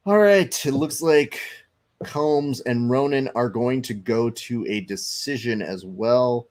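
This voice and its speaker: A man's voice: mid-range voice, slow, a little mellow. A man hosting a live stream, chatting loosely, reading viewer comments aloud and commenting on fights. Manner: loose, chatty, swearing, reads chat aloud.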